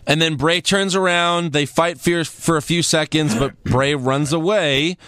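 A man's voice: a little high, measured pace, fairly bright tone, clean tone, no echo, clean studio sound. A man co-hosting a wrestling podcast, recapping shows in casual, sarcastic chat and often laughing.

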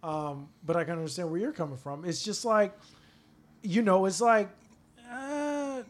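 A man's voice: sits high, measured pace. A man co-hosting a podcast, chatting casually with rambling fillers. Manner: rambling, laughing, lots of fillers. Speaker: podcast host.

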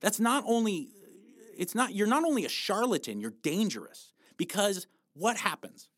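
Blunt, profane fitness coach, dry close sound. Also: male voice, high-pitched, sing-song, normal speed, a bit bright, dry recording. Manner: blunt, profane, emphatic, pumps up the listener. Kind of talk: motivational fitness talk.

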